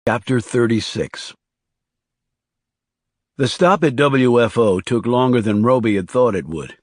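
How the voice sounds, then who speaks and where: A man narrating a crime thriller audiobook in a measured, calm, understated reading. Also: mid-range voice, no echo, clean studio sound. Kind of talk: scripted narration.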